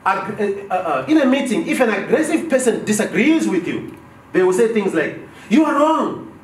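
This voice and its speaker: A male trainer lectures a live class in a high, lively voice and keeps quizzing the room. He acts out short office scenes as he goes. The sound is roomy and distant, with echo from the training room and a faint hum of background noise. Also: brisk. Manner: animated, asks the class questions and acts out dialogues. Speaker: business trainer.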